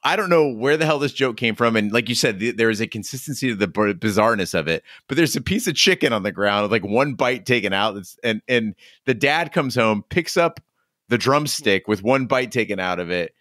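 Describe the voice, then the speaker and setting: A man's voice: medium pitch, animated, brisk, fairly bright tone, no echo, clean studio sound. A man co-hosting a casual movie-review podcast, giving wry, critical commentary. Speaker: podcast co-host.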